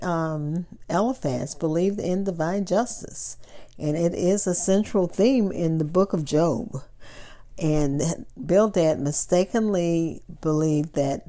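A woman's voice: sits low, dark tone. A woman hosting a daily podcast, teaching on a Bible passage in a conversational way with fillers and asides. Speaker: podcast host.

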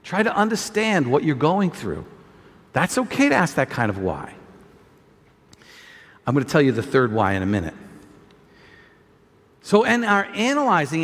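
A male pastor delivers a sermon with a high, lively voice that rises and falls dramatically. He often stumbles and repeats words, and now and then slips into the voice of someone in doubt. The sound carries a long hall reverb. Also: moderate pace, pauses often. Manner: animated preaching, acts out voices of doubters; many restarts and repeated words.

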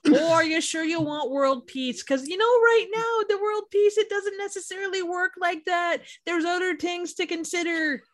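A woman's voice: extremely high pitch, steady tone, normal speed, few pauses, voice pushed up. A woman voicing a chatty genie with a broad northern Wisconsin accent. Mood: fussy.

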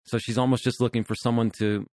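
A man's voice: mid-range voice, flat delivery, fast, a little mellow, dry recording, clean studio sound. A man in his fifties, a pastor and therapist hosting a podcast, talking earnestly about counseling couples. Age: 50s. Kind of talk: podcast conversation.

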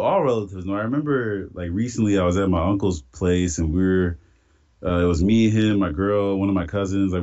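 A man in casual podcast chat, talking in a relaxed, reflective, drawn-out way. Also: sits low. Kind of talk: casual chat about an anime. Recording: dull lo-fi sound.

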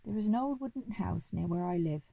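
A woman's voice: lowish voice, expressive, a little fast, gravelly, warm tone, dry recording. A woman voicing a shy young boy who speaks hesitantly and nervously.

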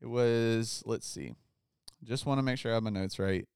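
A man hosts a podcast and talks through scripture in a laid-back, conversational way, peppering his speech with "like." His voice is smooth and resonant, mid-pitched, and recorded dry with no room sound. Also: normal speed, no echo. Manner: relaxed, says "like" often, reads scripture aloud. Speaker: podcast host. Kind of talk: casual Bible study chat.

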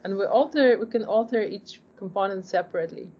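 Briskly and with a breathy edge, a woman founder with a medium-pitched voice walks through her technology in interview answers. She's earnest and explanatory, often saying "like" and starting over, all on dull lo-fi audio.

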